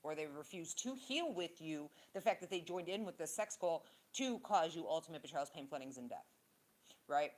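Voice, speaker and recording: Low-pitched woman, tarot reader, casual and profane, wanders off on tangents. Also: animated, moderate pace, darkish tone, rough recording. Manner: blunt, profane, rambling asides. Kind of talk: casual tarot reading monologue.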